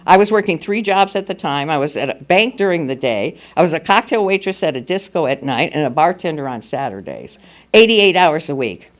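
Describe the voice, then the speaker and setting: A woman's voice: low voice, animated, fairly quick. An older woman speaking at a recovery meeting, telling her personal story candidly and with humor. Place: meeting room at a school.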